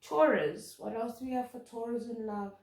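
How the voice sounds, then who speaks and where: A woman's voice: on the high side, steady tone, moderate pace, a little mellow, reverberant. A woman giving an intuitive tarot reading to camera, earnest and emphatic, often repeating words for stress. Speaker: tarot reader.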